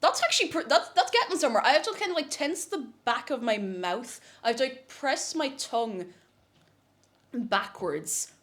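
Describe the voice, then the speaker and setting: A woman's voice: sits high, expressive, moderate pace, fairly bright tone. A woman chatting casually and giggling while cooking at home on a live stream. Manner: chatty and giggly, breaks into silly noises.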